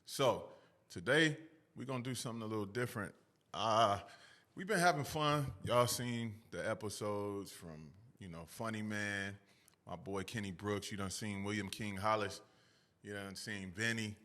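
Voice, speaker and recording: A man's voice: on the low side, normal speed, sharp tone. A man hosting a casual podcast interview, talking in an upbeat, hyped, slangy way. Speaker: podcast host.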